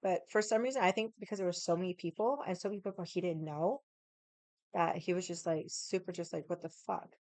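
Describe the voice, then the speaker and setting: A woman vlogger telling a story in a casual, animated way, swearing a lot and using lots of "like" fillers. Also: lowish voice, fairly quick, dry recording. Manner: animated, heated retelling.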